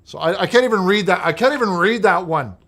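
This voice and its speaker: A man hosting a comedic call-in show in the style of a preacher. He swings between mumbled reading of messages and loud, exasperated ranting. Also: high voice, lively intonation, fast.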